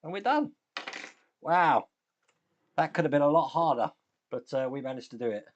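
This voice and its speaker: A man's voice: fairly high pitch, animated, moderate pace, muffled recording, a little hiss or hum. A man hosting a model-building video, thinking aloud as he works at a workbench, with sighs, chuckles and self-deprecating asides. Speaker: host, scale model builder. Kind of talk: casual build commentary.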